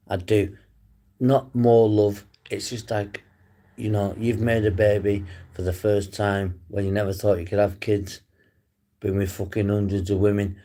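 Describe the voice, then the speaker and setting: Man, fairly low voice, livestream monologue, defiant, swears a lot, rambling. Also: mellow. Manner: defiant, swears often, addresses viewers by name. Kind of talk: rambling live stream monologue.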